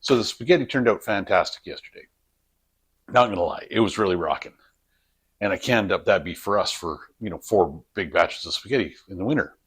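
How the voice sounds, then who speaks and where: A low, husky, fairly bright male voice, talking a little fast, belongs to the host of a home cooking vlog. He rambles and jokes while cooking in his kitchen, captured by a tripod-mounted camera.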